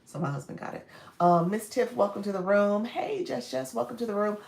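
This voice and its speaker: A woman with a naturally raspy voice, a bit strained today, hosting a casual live stream and greeting viewers warmly. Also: mid-range voice, brisk. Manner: warm, encouraging, greets viewers often. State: voice a little strained. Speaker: live-stream host and coach. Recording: echoey room.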